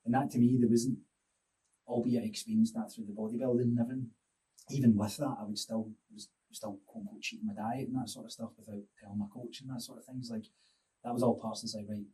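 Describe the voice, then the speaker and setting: A man's voice: fairly low pitch, warm tone, far from the mic, rough recording. A man, a fitness coach and podcast guest, telling stories in a reflective, rambling way. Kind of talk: casual podcast chat.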